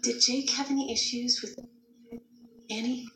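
A woman's voice: fairly high pitch, fairly even intonation, unhurried, pushed and bright, slight background noise. An actress playing an anxious, urgent adult woman guardian in a TV drama. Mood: tense. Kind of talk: TV drama acting. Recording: echoey distant TV audio.

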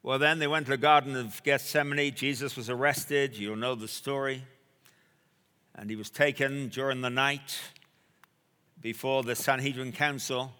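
Bright-voiced male preacher in a hall. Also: mid-range voice, steady tone, clear, resonant tone. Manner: storytelling, dramatic pauses and emphasis. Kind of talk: sermon. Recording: echoey hall.

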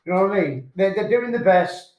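A man's voice: high voice, expressive, fairly quick, lo-fi sound. A man, a guest on a casual podcast, talking earnestly and indignantly and repeating himself. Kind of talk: casual chat. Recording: echoey room.

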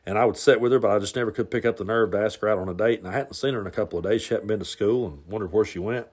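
Low-ish guy rambling thru an old story on his podcast at home, super relaxed, tons of ums. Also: racing, slightly rough. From Tennessee. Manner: rambling, laid-back, lots of fillers. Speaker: podcast host. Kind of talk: casual storytelling monologue. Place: home, near the garage.

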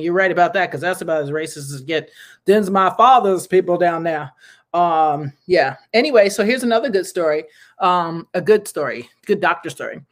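A speaker in their thirties hosting a casual good-news talk, rambling and chatty with frequent laughs and fillers and earnest, preachy asides. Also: medium pitch. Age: 30s. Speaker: podcast host and nonprofit founder.

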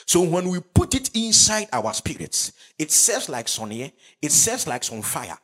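A male pastor preaches with fervour. His voice sits fairly high and swings widely up and down, with a husky grain. He keeps calling out to his listeners for answers. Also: big pitch swings, a little slow, a bit bright. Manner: fervent preaching with call and response to the congregation. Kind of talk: sermon.

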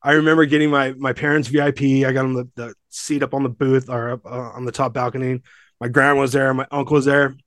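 The speaker is a gym owner from Southern California in his forties, telling his story on a podcast in a rambling, cursing, emphatic manner. He talks fast at a medium pitch with little pitch movement and a slightly bright tone. The recording is dry and the style is casual storytelling.

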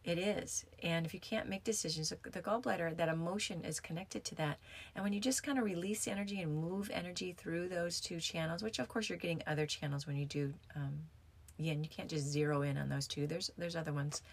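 Husky-voiced woman chatting about yoga. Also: on the low side, a little fast. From United States. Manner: chatty, rambling with many restarts and fillers. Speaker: yin yoga teacher. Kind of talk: casual reflective talk.

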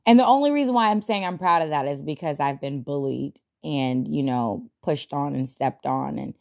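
Woman, young adult, podcast host, casual reflective talk, chatty, laughs a lot, deep, gravelly. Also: normal speed, darkish tone. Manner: chatty, laughs often, self-deprecating.

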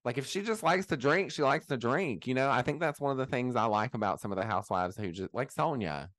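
A man's voice: medium pitch, expressive, quick pace, fairly bright tone, no room sound. A man guesting on a casual gossip podcast, chatty and sassy, swearing freely.

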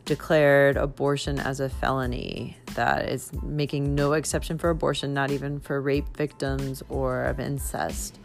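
Low-voiced outraged woman podcaster. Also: little pitch movement, normal speed, gravelly, hardly any pauses, faint music behind. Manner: heavy swearing, frequent "like" fillers; agitated and outraged. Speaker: podcast host. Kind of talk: casual monologue.

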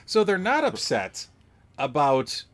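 A man's voice: on the high side, huge pitch swings, slow pace. A man co-hosting a movie podcast, chatting casually and animatedly, often repeating words for emphasis and laughing. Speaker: podcast co-host.

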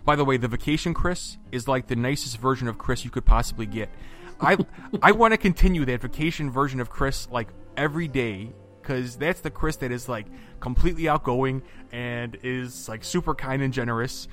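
A man co-hosting a podcast, telling a vacation story in a lively, chatty way with lots of fillers and acted-out quotes. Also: medium pitch, moderate pace, soft background music. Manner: animated storyteller, acts out quotes, many fillers and restarts. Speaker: podcast co-host.

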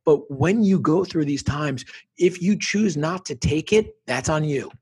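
A middle-aged man with a strongly husky, rough-edged voice, speaking as an interview guest. He talks like a motivational speaker, emphatic and intense, driving his points home with punchy, repeated phrases. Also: a little high, a little slow, a little mellow. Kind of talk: emotional personal storytelling.

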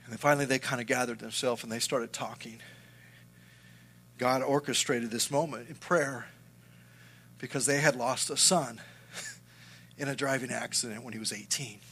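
A middle-aged man preaching a sermon and telling a personal story, earnest and moving between loud and hushed. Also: mid-range voice, fairly even intonation, moderate pace, long pauses, husky. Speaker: pastor.

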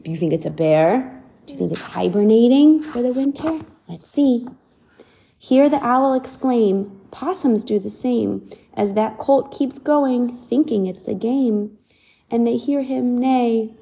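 A woman reading a picture book aloud to a child, pausing to ask questions about the pictures. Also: fairly high pitch, gravelly. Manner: animated, asks the child questions. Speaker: reader to a child.

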